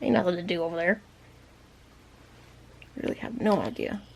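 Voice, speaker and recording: A woman's voice: on the low side, moderate pace, vocal fry, a little hiss or hum. A woman vlogger chatting playfully to her pet parrot in teasing baby-talk, laughing often.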